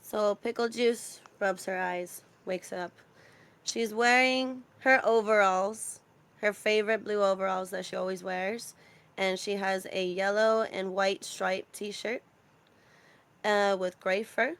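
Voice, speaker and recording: A woman's voice: mid-range voice, steady tone, slow pace, gravelly, a bit bright, smooth. A woman player describing her character in a tabletop game in a chatty, eager way.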